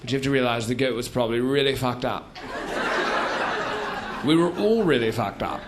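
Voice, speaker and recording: A man's voice: medium pitch, moderate pace. A man on a theater stage performing a comic monologue as a rambling old British chap, padding every line with "you see" and "sort of". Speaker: stand-up comedian performing a character monologue. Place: theater stage before a live audience. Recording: noisy live theater recording.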